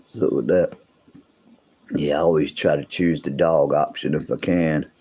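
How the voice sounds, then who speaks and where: A man with a bass voice, dark and slightly rough, hosts a livestream at a measured pace and in a steady tone. Chatting casually with live chat viewers, he drawls and rambles, often restarting sentences.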